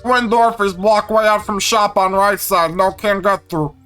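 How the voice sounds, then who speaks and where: A man doing a gruff dwarf in a bad Scottish accent. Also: high-pitched, steady tone, bright, forceful tone, soft background music, voice pushed up. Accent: bad put-on Scottish. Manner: clipped broken grammar, slow. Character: gruff male dwarf villager, broken speech.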